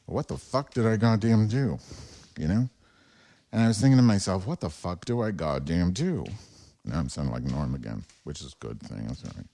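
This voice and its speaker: A man with a very low, dark, mellow voice rambles through a solo podcast from home. He swears freely and mocks himself, jumping from one gripe to the next. The sound is close and direct from a clip-on wireless mic. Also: animated, brisk, creaky. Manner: profane, self-deprecating, rambling. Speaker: podcast host. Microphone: wireless lavalier transmitter.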